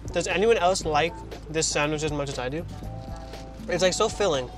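Young guy, fairly high voice, rambly and jokey, phone-recorded in a parked car. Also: moderate pace, soft background music. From Trinidad. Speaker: vlogger. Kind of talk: casual car vlog while eating.

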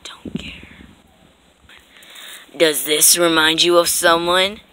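Woman doing a nightmare villain, fan cartoon, half-whispered, taunting, low voice, bright edge. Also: flat delivery, takes it slowly, clear, resonant tone, poor audio. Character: sinister whispering nightmare villain, cruel and mocking. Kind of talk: amateur voice acting for a fan animation.

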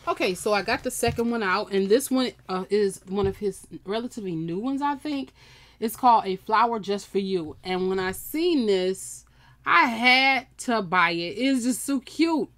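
A woman's voice: mid-range voice, expressive, normal speed, a bit bright. Chatty woman unboxing craft kits. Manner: chatty, talks to viewers and camera. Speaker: crafting vlogger. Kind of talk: casual unboxing chat.

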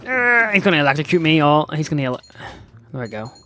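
A man's voice: a little high, fast. Sarcastic young gamer man. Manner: sarcastic, excitable, talks to viewers. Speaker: gaming YouTuber. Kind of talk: let's play commentary.

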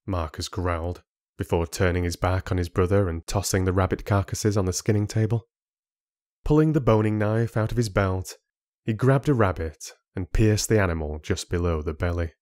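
A man narrating a fantasy audiobook in a measured, deliberate way. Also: low-pitched, darkish tone, no room sound, studio quality.

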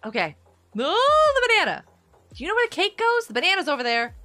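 A woman's voice: extremely high pitch, huge pitch swings, a little fast, bright, forceful tone, soft background music. A woman streaming a game live, chatting to viewers by name, giggling and panicking as she plays. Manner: bubbly, giggly, often panicked; talks to chat viewers by name.

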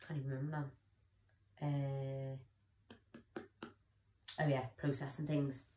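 A woman's voice: a bass voice, level tone, slow, warm tone, roomy sound, slight background noise. A young woman talking candidly in a personal vlog, rambling and often losing her train of thought. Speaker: vlogger.

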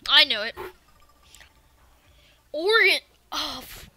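A woman giving casual let's-play commentary, excitable and talking back to the game's enemies. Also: high voice, slow pace. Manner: excitable, swears and talks to the game enemies. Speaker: gaming video creator.

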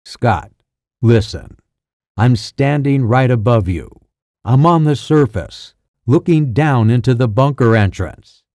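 A man's voice: medium pitch, expressive, takes it slowly, a little mellow, no echo, clean studio sound. A male narrator voicing a tense soldier officer who gives insistent orders over a radio. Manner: commanding, insistent.

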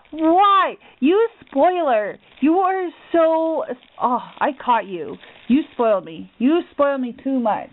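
A woman's voice: high voice, a little hiss or hum. A woman craft vlogger opening a gift package, gushing with gasps and repeated exclamations. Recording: tinny phone-like audio.

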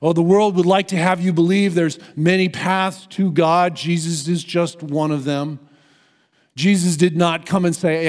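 A man's voice: fairly high pitch, fairly even intonation, unhurried. An American man preaching a sermon as pastor, earnest and emphatic as he tells a story. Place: church sanctuary. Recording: long hall reverb in a church.

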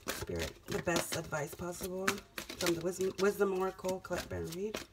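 A woman's voice: on the low side, steady tone, fairly quick, very noisy. A woman giving a casual tarot reading, emphatic and repeating phrases for effect. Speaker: tarot reader.

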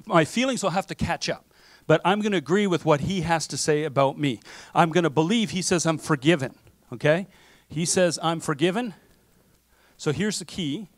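Conversational preaching pastor, higher-pitched man. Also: dry recording. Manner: conversational preaching with frequent "okay?" and acted self-talk. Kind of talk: sermon. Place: church sanctuary.

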